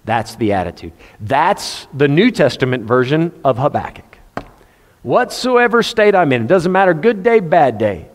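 A man preaching a sermon, speaking conversationally and quoting scripture in King James wording. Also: mid-range voice. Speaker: pastor. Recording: long hall reverb.

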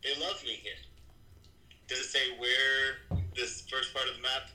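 Male tabletop player, very bright and sharp tone, roomy echoey recording. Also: medium pitch, level tone, a little slow, slight background noise. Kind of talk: casual tabletop play. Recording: roomy echo.

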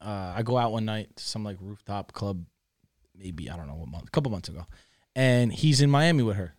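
A man's voice: on the low side, expressive, brisk, a little mellow. Profane man telling a crude story. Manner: laughs through his own story. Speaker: guest storyteller. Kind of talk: casual podcast chat.

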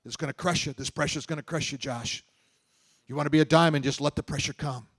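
A preacher acting out a pushy, chain-smoking male boss who talks right in someone's face, higher and louder than his own voice. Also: fairly even intonation, fast talker, husky. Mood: badgering. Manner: badgering, in-your-face.

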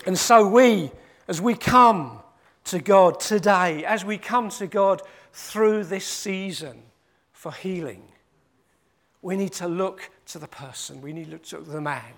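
High-voiced man preaching a lively sermon. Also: takes it slowly. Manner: lively, acts out quoted voices, emphatic repetition.

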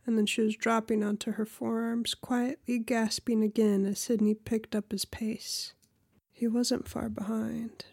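Gravelly, slow woman narrating softly. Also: mid-range voice, dry recording, clean studio sound. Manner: soft, often half-whispered reading. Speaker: audiobook narrator. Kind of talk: erotic audiobook narration.

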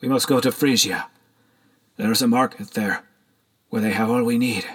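A man's voice: mid-range voice, fairly even intonation, normal speed, breathy edge, lightly acted. A man voicing a zealous, stubborn male monk leader who speaks firmly and insistently. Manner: insistent, firm.

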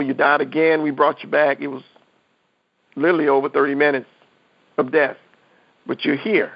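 Gravelly man giving emotional testimony. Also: mid-range voice, dull audio. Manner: earnest, halting with restarts. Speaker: guest telling a near-death story.

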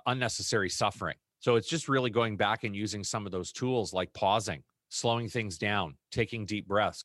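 Relaxed, low-voiced man co-hosting a podcast. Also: no echo, clean studio sound. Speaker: podcast co-host. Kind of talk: casual chat.

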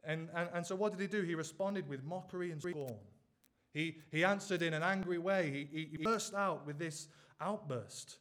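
A man preaching a sermon, pressing his listeners with earnest, repeated rhetorical questions. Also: fairly high pitch.

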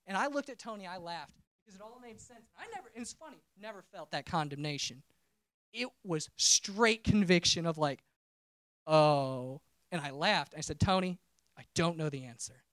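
Male preacher sharing a testimony, animated and chatty, dry close sound. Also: fairly high pitch, normal speed, long pauses, no echo. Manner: conversational storytelling, self-interrupting. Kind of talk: personal testimony sermon.

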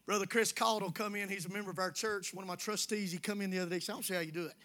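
A pastor preaching to his congregation in a very high, piercingly bright voice. He talks folksy and familiar, dropping to hushed asides before climbing into full shouts. The sound carries the feel of a church sanctuary. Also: steady tone, very fast. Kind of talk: sermon.

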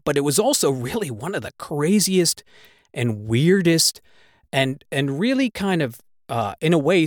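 A man whose voice runs on the high side breathlessly retells a gripping story of his own, cursing freely all the way. He gets emotional and worked up, with moments of heavy feeling. No room sound is audible; the recording is dry and close.

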